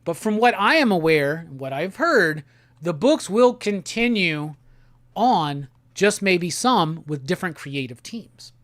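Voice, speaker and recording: A man hosting a casual live stream. He talks in a laid-back, slangy way and reads viewer comments aloud in quick bursts. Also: sits high, big pitch swings, fairly bright tone, no room sound. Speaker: livestream host. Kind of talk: casual livestream chat, reading viewer comments.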